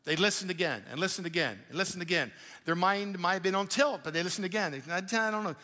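A male pastor preaching a sermon in a conversational, animated way, with quick asides to the congregation. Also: high-pitched. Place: church auditorium. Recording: live church hall with long reverb.

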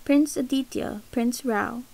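A woman's voice: fairly high pitch, slow, a little mellow. A woman reading the lines of an anxious male military official who speaks in a pleading, hesitant way.

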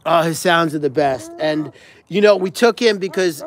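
Hosting a casual animal sanctuary livestream from a barn, a man chats with viewers and coos baby talk at the animals. His voice is on the high side at a moderate pace, and the recording is very noisy.

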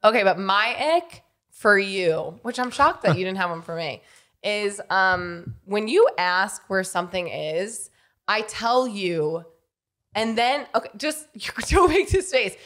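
A woman's voice: mid-range voice, expressive, takes it slowly, fairly bright tone. A young woman co-hosting a podcast in casual, bickering chat, teasing, laughing often and swearing freely. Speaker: podcast co-host.

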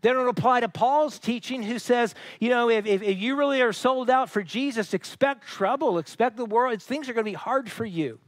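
A man's voice: very high-pitched, moderate pace, hardly any pauses, no echo. A man preaching a sermon as pastor, telling stories in a conversational way with frequent restarts. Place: church.

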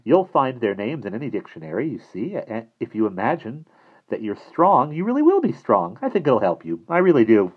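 A man voicing a small, soft-spoken, persuasive older man who talks in a purring, coaxing way. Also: a little fast, slightly rough, narrow, tinny audio. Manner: purring, coaxing, high and animated.

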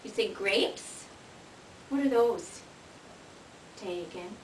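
A woman with a fairly high voice coaxes a child to name things, slow, clear and sing-song, drawing the words out. She is heard from a camera across an echoey room, with a lot of hiss under her voice. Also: animated, bright, forceful tone, distant mic. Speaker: speech therapist. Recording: echoey room, mic from afar, noisy home video.

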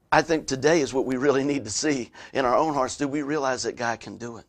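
A man preaches in a lively, conversational way. His voice sits a little higher than most men's. He keeps turning to his listeners with asides as he works through the passage. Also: quick pace, few pauses. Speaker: pastor. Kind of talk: sermon.

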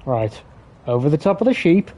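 Sweary excitable man streaming. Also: on the high side, normal speed, highs cut off. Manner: sweary, excitable, talks to himself while playing. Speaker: streamer playing a video game. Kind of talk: casual live-stream commentary.

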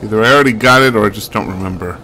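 A man's voice: lowish voice, racing, bright, forceful tone, slight background noise. A man chatting casually as he plays a video game, with joking asides. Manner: chatty, self-mocking asides. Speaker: game streamer. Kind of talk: casual let's-play commentary. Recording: game music behind the voice.

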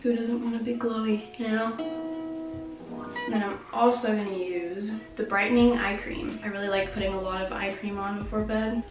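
A woman's voice: medium pitch, fairly even intonation, normal speed. A young woman chatting casually as a beauty vlogger, giggly and poking fun at herself. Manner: chatty, giggly, self-mocking. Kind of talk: casual vlog chat. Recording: roomy echo with background music.

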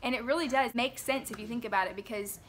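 A young woman, a mother, recalling family memories at home in a gentle, earnest and reflective way. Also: fairly high pitch, fast talker, slight background noise. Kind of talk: personal reminiscence to camera.

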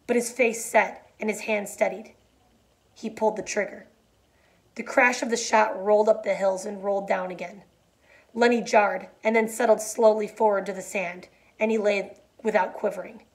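A woman reads a novel chapter aloud in a quiet, even voice that drops low on the somber lines. When she finishes, she explains the ending in a chatty way, with fillers and restarts. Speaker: teacher reading a novel aloud. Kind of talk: read-aloud and plain explanation.

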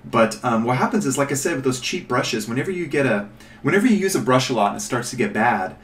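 A man's voice: mid-range voice, lively intonation, fast talker. A man hosting a casual miniature painting tutorial, chatting and thinking aloud as he rambles and corrects himself. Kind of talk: casual show-and-tell tutorial. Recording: echoey room, mic at a distance.

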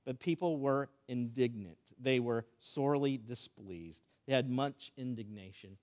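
A man preaching a sermon to his church as pastor, animated, swinging between loud calls and hushed, low lines, often repeating words as he restarts a phrase. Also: a little slow.

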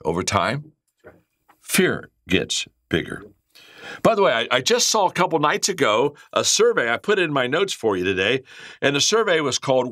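Animated male motivational speaker. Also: mid-range voice, normal speed, dry recording, studio quality. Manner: animated storyteller, acting out characters' lines; frequent word repeats and restarts. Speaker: leadership speaker. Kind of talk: motivational talk with storytelling.

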